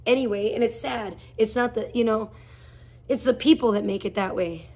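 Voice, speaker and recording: A woman streaming live, her voice husky with a breathy edge. She rants bluntly and profanely, rambling from one grievance to the next. Now and then she breaks off to greet viewers in chat. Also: on the high side, moderate pace, darkish tone. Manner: greets chat viewers by name mid-rant. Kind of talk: casual ranting livestream chat.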